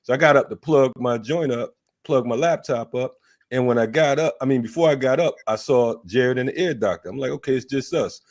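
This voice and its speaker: A man's voice: mid-range voice, brisk. A man hosting a morning talk show over a video call, joking and laughing in loose slang. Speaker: host.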